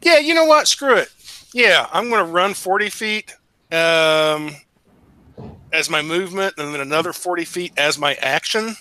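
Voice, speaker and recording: A man's voice: a little high, expressive, normal speed, bright, forceful tone, no room sound. A man playing a tabletop game, eager and joking as he declares his moves. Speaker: player.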